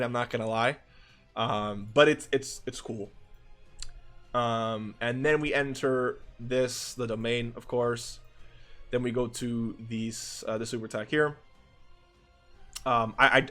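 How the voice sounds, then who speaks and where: A young man giving excited reaction commentary on game animations, gushing and restarting his sentences, calling the viewer dude and bro. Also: mid-range voice. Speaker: gaming YouTuber.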